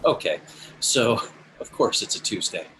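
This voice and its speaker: Male player, very deep voice, halting and coaxing, faint hiss. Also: animated, a bit bright, poor audio. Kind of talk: tabletop role-play.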